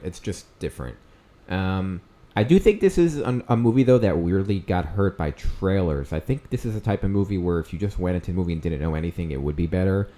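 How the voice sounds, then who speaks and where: A man in his thirties gives a casual spoken movie review as host of his channel. His voice sits low and mellow, and he talks off the cuff, with plenty of fillers and restarts. He lifts his voice on the words he wants to stress. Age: 30s. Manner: conversational, frequent fillers and restarts, emphatic rises on key words.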